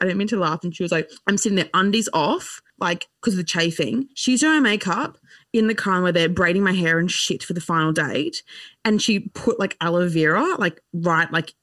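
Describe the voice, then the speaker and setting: A woman's voice: lowish voice, fairly bright tone, dry recording. A young woman telling a wild story on a podcast, laughing and swearing as she goes. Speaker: podcast guest. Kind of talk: casual storytelling chat. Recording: dry, slightly distant mic.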